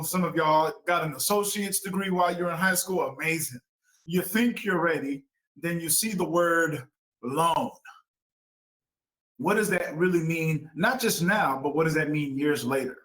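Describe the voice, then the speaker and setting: A man's voice: fairly high pitch, normal speed, a bit bright, poor audio. A man hosting an educational talk show, speaking upbeat to the listeners as folks. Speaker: podcast host.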